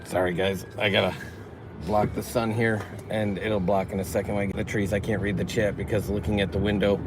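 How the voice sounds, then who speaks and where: A man's voice: lowish voice, little pitch movement, brisk, over music, rough recording. A man hosting a casual livestream from his car, chatting and answering viewers' chat as he drives. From northern Illinois. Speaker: livestream host. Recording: car road noise behind.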